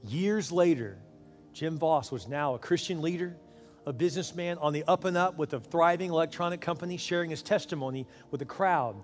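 A man's voice: a little high, a little fast, big-room sound, faint music behind. A man preaching a sermon, telling a story with acted-out voices and building to urgent appeals. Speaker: pastor.

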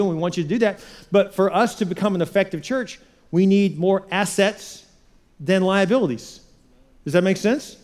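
A man's voice: high-pitched, a little mellow. A middle-aged man, a pastor, preaching a conversational sermon and repeating rhetorical questions to the congregation.

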